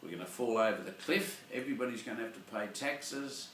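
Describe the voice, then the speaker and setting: A man's voice: medium pitch, a little fast, fairly bright tone, a little hiss or hum. An older man, a Catholic priest giving a rambling, digressive Sunday reflection and often searching for words. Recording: echoey room, voice from far off.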